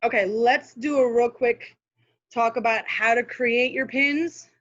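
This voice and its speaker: A chatty woman with a fairly high voice gives practical marketing tips as a guest on a live video call. She talks casually, full of fillers and asides. The sound is dry and a little dull. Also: fairly even intonation, a little slow, fairly bright tone, dry recording. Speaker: guest speaker, social media manager.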